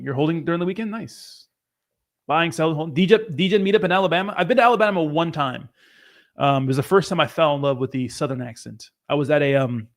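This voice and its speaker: A young man hosting a crypto livestream who reads out viewer comments in casual, rambling, profane chat. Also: medium pitch.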